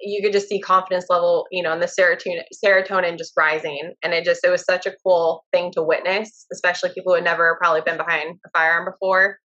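A woman's voice: lowish voice, flat delivery, quick pace, hardly any pauses, a bit bright, muffled recording. A woman in casual chat, speaking with enthusiasm.

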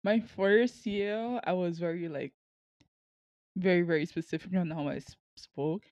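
A woman's voice: fairly low pitch, a little slow, darkish tone, no room sound. Young woman with a Saint Martin accent. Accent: Saint Martin Caribbean. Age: young adult. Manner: laughs often, tells stories with quoted voices. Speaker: guest, student. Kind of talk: casual chat.

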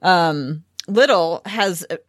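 A woman's voice: on the low side, slow, no echo, studio quality. A woman co-hosting a sports podcast in casual chat, reading out listener questions. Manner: upbeat, reads listener questions. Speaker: podcast co-host.

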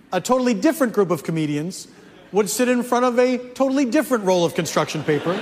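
A man, a comedian, telling a comic story in an animated way. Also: sits high, in a large hall, a little hiss or hum. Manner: animated, building to mock-outraged shouts.

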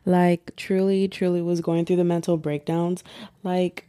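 A woman's voice: lowish voice, level tone, unhurried, mellow, smooth, no room sound, studio quality. A young woman hosting a podcast from home, chatting casually and rambling with lots of fillers. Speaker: podcast host. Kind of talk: casual chat. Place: at home, household noise possible.

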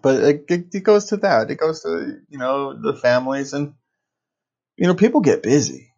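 Older guy with a husky low voice, rambly podcast host, kinda dull lo-fi sound. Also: very animated, normal speed, a little mellow. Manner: rambling, chuckles often. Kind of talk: casual podcast chat.

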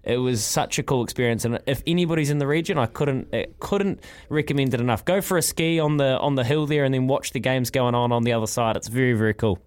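A man's voice: medium pitch, quick pace, hardly any pauses, clean tone. A man with a New Zealand accent hosting a breakfast radio show, chatting in an enthusiastic, rambling way with many restarts. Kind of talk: casual radio chat.

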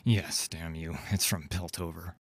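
A man voicing a menacing tattooed male corsair, gruff and snarling. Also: low voice, steady tone, a little slow, dry recording, clean studio sound, voice pushed down. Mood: angry.

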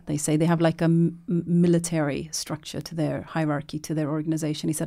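A woman in an interview tells her story as a documentary filmmaker. Her voice is low and warm. She talks in lively bursts with frequent restarts and acts out the people she quotes. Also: fairly quick, gravelly, hardly any pauses.

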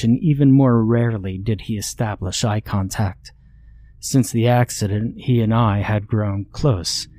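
A man narrating a first-person horror story in a measured, steady way. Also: lowish voice.

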